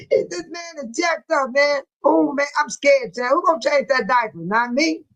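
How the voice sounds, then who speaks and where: Woman, high voice, chatty livestream host, laughs a lot. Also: a little slow, dull audio. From Texas. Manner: laughs often, talks straight to viewers. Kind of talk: casual livestream commentary.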